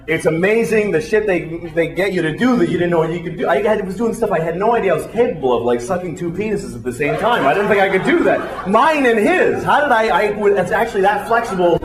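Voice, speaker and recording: A man doing a crude, animated stand-up comedy set. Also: high-pitched, fast, hardly any pauses. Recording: echoey club with loud crowd.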